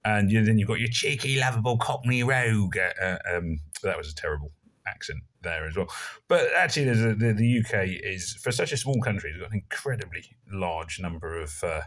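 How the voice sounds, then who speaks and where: Middle-aged Somerset man, low voice, casual gameplay commentator, rambly and self-mocking. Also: animated, brisk, a bit bright. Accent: Somerset English. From Somerset, England. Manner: rambling and self-deprecating, with many fillers. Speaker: gaming video creator.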